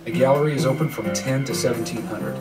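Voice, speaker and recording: A man's voice: medium pitch, quick pace, recorded from a distance, natural voice. An actor playing a polite small-town man in a video game, speaking courteously and evenly. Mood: calm. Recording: game audio under loud guitar.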